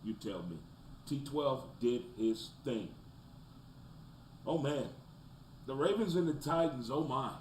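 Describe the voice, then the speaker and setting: A man in the middle pitch range hosting a casual sports talk stream, jumping from loud, fired-up rants to low, muttered asides. His voice rings in a roomy space with a faint hiss of background noise behind it. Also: lively intonation, slow pace, long pauses. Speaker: sports talk show host.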